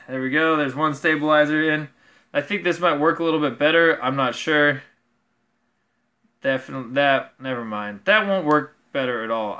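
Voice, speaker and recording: A man's voice: a little high, bright, forceful tone. A man vlogging as he builds a craft project, rambling casually and swearing freely as he mocks himself. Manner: rambling, profane, self-mocking.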